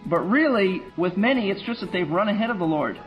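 A male pastor teaching a Bible class in an animated, wry way with playful asides. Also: sits high, brisk, dull audio, soft background music.

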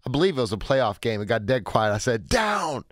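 Hoarse forties radio host, dry studio. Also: male voice, on the low side, fast, no echo. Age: 40s. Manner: energetic, chatty, self-interrupting. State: hoarse, voice cracking. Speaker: radio talk show host. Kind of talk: call-in radio show monologue.

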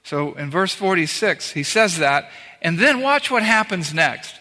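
Bright-voiced preacher in a reverberant hall. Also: male voice, sits high, sing-song, measured pace. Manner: conversational preaching, walking through scripture verse by verse; punchy emphatic repetitions. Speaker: pastor. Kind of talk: sermon. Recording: long reverb of a large hall.

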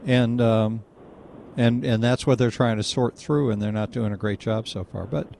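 A man hosting a call-in radio talk show, chatting with callers and thinking out loud. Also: mid-range voice, steady tone, moderate pace, creaky, a little hiss or hum. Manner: conversational, chatty, muses aloud.

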